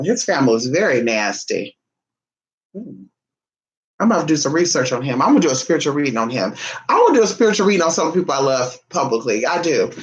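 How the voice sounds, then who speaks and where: Lively gossiping man chatting to viewers. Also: a little high, highs cut off. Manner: chatty, gossipy, addresses viewers as y'all and honey; swings from soft asides to loud exclamations. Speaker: vlogger. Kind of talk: casual chat to viewers.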